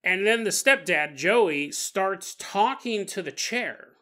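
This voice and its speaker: High bright-voiced joking podcast host. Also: male voice, slow pace. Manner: joking, laughing asides, animated. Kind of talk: comic retelling of a paranormal story.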